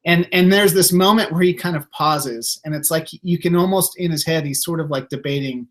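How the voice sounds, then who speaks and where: A man's voice: a little high, normal speed. A man preaching a casual, conversational sermon, with many fillers and restarts. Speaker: pastor.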